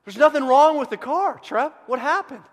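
A man's voice: extremely high pitch, animated, normal speed, voice pushed up. A man voicing his own middle-aged father, a concerned dad who grows baffled, in a reverberant hall. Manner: worried, then baffled.

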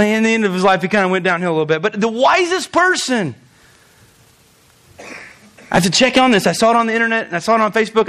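High-voiced joking preacher man. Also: a bit bright. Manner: conversational and joking, with laughs and asides; restarts and repeats words. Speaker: pastor. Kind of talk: sermon.

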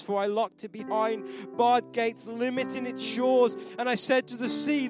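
A man preaches a sermon in a strikingly high voice, with guitar and band music playing beneath him. His delivery swings from hushed, near-whispered pleading to loud, soaring proclamation. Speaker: pastor. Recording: live church sermon with band playing behind.

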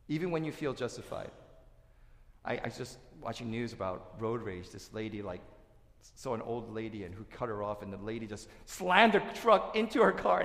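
A male pastor preaching a sermon, animated, swinging between loud emphasis and quiet asides. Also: mid-range voice. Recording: echoey hall with long reverb.

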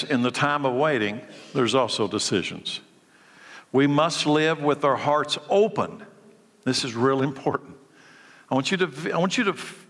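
Bright-voiced preaching man in a hall. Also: mid-range voice. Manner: emphatic preaching, drops to hushed tones for stories. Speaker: pastor. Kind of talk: sermon.

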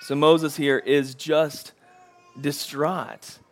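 A male preacher with a slightly high voice, talking to his congregation in a casual, conversational way. He acts out the quoted lines with rising intensity. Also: steady tone, drawn-out words. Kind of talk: sermon.

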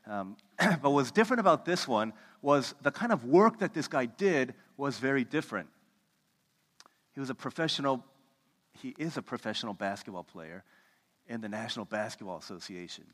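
A pastor in his thirties preaching a sermon, telling stories with sudden loud bursts and hushed, slow moments. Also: medium pitch. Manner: animated storytelling, swings from loud to hushed. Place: church sanctuary. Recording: long reverb of a church hall.

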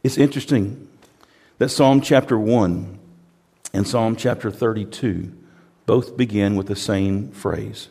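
Male pastor, sermon, gravelly voice, hushed to emphatic, repeats himself. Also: on the low side, unhurried. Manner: swings from hushed to loud and emphatic, repeats phrases.

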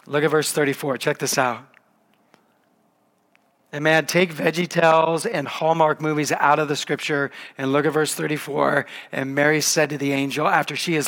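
Man preaching; casual, animated storyteller with a fairly high voice. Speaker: pastor. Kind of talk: sermon.

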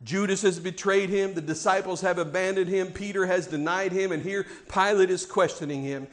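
Man, pastor, sermon, high-pitched, emphatic repetition. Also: steady tone, moderate pace. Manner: emphatic, repetitive preaching cadence.

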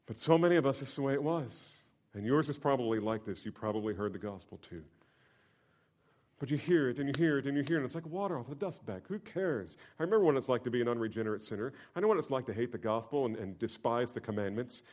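A man preaching a sermon to his congregation, swinging between loud emphatic bursts and hushed near-whispers and leading them in call-and-response. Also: mid-range voice, expressive, quick pace. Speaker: pastor. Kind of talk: expository sermon.

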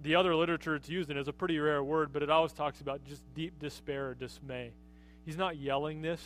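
A man's voice: on the high side, steady tone, fast, a bit bright, faint music behind. A man preaching a conversational sermon as pastor, often asking his listeners rhetorical questions.

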